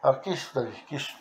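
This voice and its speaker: A man's voice: medium pitch, heavy background noise. A man at home filming his pet bird on a handheld phone, coaxing and cooing at it and laughing often. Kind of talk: casual home video chat.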